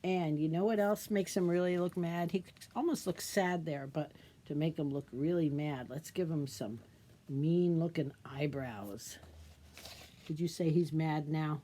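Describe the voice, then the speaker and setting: Slow, gentle children's librarian woman. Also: low-pitched, a little hiss or hum. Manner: gentle, slow, sing-song teacherly prompting. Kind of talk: storytime craft demonstration for kids.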